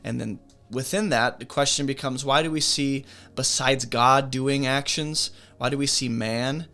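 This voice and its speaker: A man's voice: medium pitch, fairly even intonation, unhurried, bright, forceful tone, faint music behind. A man teaching a Bible study, working through a chapter by asking one question after another.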